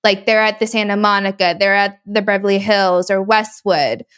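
A woman's voice: mid-range voice, fairly even intonation, moderate pace, a bit bright, clean tone. A young woman, chatting casually and telling a story with many fillers. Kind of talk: casual chat.

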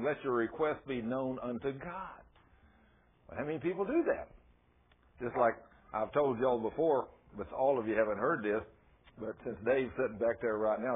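A man's voice: mid-range voice, husky. A man preaching a sermon as a pastor, telling folksy stories from his own life. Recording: tinny phone-like sound.

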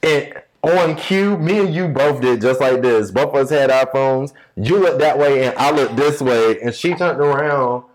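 A man's voice: medium pitch, unhurried, rough recording. A young man hosting a podcast, telling a story in casual chat and acting out the people in it with raised voices. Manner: animated, acts out quoted people in raised voices. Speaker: podcast host.

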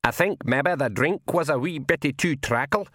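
A man voicing a gruff, tiny male pixie warrior in a high, squeaky brogue. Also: moderate pace, a bit bright, no room sound, studio quality. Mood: worried.

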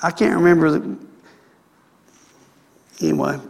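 A man preaching a sermon, animated and acting out the people he quotes. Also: fairly high pitch, unhurried, vocal fry, slightly rough, long reverb tail. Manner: animated, acts out quoted people, calls for amen.

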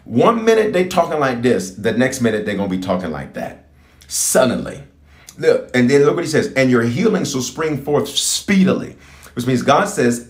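A man's voice: mid-range voice, normal speed, roomy sound. A man preaching a livestreamed prayer sermon, repeating phrases and calling on listeners to say things back. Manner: animated, repetitive call-and-response preaching. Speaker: bishop preaching.

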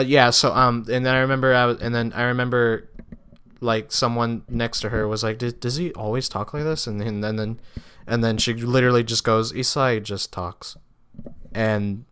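Rambling young man, smooth low voice. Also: fairly bright tone. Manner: rambling, profane, many restarts and fillers. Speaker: podcast host. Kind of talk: casual solo podcast rambling. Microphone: podcast microphone.

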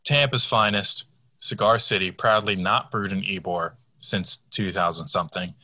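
A man's voice: low-pitched, steady tone, normal speed, pushed and bright, no echo. A young man co-hosting a podcast, tipsy, rambling and swearing in mock outrage. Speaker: podcast co-host. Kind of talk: casual drunk podcast banter.

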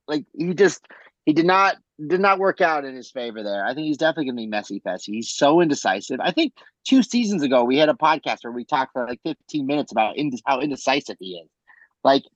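A man co-hosting a podcast in casual chat, animated and rambling, with frequent swearing and asides. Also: medium pitch, no echo, highs cut off. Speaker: podcast co-host.

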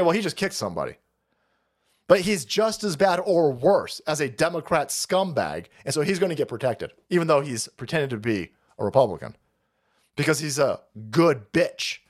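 A man hosting a political livestream, ranting in a foul-mouthed, sarcastic way with shouted outbursts. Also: fairly high pitch. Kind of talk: profane political rant.

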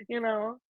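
A woman's voice: a little high, no room sound. A young woman co-hosting a casual podcast chat, talking candidly with lots of "like" and the odd swear word. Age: young adult. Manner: candid, swears freely, full of "like". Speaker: podcast co-host. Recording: dry, dull lo-fi sound.

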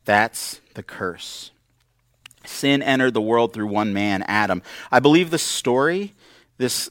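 A man's voice: medium pitch, a bit bright, no echo. Man preaching a conversational sermon, dry sound. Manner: conversational, acts out quoted voices with wry humor. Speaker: pastor. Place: church.

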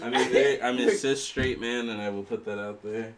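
A young man with a mid-range voice who stumbles into his points and defends his own choices. He is far from the mic in an echoey room, with loud chatter from the group all around. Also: mid-range voice, fairly even intonation, fairly quick. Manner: hesitant, self-defending. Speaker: podcast co-host. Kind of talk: casual joking chat.

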